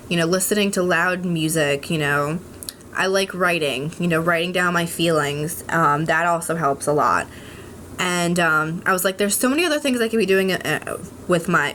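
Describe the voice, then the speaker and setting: A woman's voice: on the low side, fairly bright tone, a little hiss or hum. A young adult woman vlogging at home, talking candidly to camera in a rambling way, with many ums, restarts and frank swearing. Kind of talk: candid casual talk to camera.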